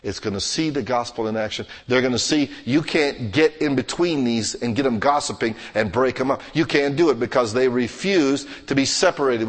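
Man, pastor, emphatic exhorting sermon, mid pitch, long hall reverb. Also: normal speed, hardly any pauses. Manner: emphatic, exhorting, with rising and falling intensity.

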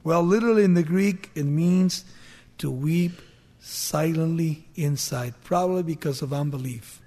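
In a big, echoing hall, a preacher with a high, animated voice tells a scripture story, playing its characters and laughing now and then. He takes his time, alternating loud outbursts with hushed asides.

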